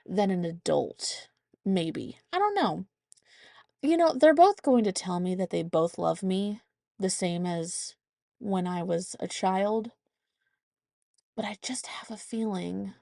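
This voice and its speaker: A woman's voice: mid-range voice, creaky, warm tone, no room sound, clean studio sound. A woman in her thirties hosting a podcast, telling a family story in a chatty, rambling way, thinking aloud as she goes. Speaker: podcast host. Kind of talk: casual storytelling monologue.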